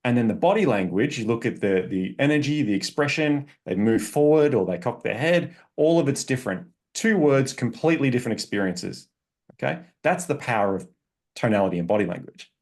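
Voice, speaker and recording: A man's voice: mid-range voice, animated, brisk, a little mellow. A man speaking as a relationship coach on a podcast, explaining emphatically with examples and frequent check-ins. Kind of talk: casual podcast conversation.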